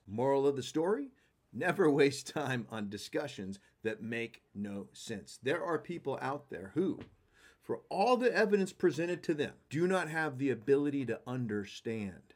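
A man's voice: medium pitch, lively intonation, normal speed. A man hosting a solo podcast, talking casually and emphatically, with a self-deprecating touch. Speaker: podcast host.

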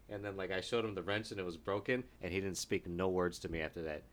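A man's voice: low voice, steady tone, quick pace, a bit bright. A man, a podcast guest and drummer, telling a profane story in casual chat.

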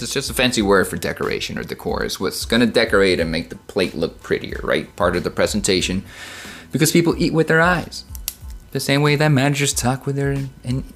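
A man who works as a kitchen middle manager, telling a work story in a profane, casual rant full of "right?" and "dude". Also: mid-range voice. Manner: swears constantly, lively storytelling, rhetorical "right?".

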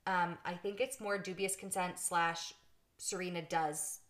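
A woman's voice: on the low side, steady tone, a little slow, fairly bright tone. A woman co-hosting a podcast in casual book discussion chat, talking candidly and animatedly and laughing at herself. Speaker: podcast co-host.

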